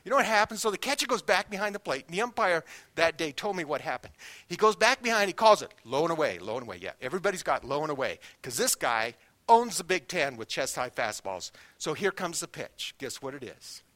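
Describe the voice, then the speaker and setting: A middle-aged man delivers a sermon in a church, leaning on homespun anecdotes. His voice sits high and sounds bright and forward. He slips into other people's voices when retelling what they said. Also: a little fast. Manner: folksy anecdotes, animated quoted voices. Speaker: guest preacher. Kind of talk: sermon with storytelling.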